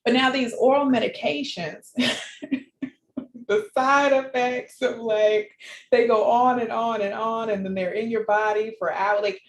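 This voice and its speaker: A woman guest in an interview, telling her personal story in an animated way and laughing often. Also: on the high side, a little slow. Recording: echoey room with faint background noise.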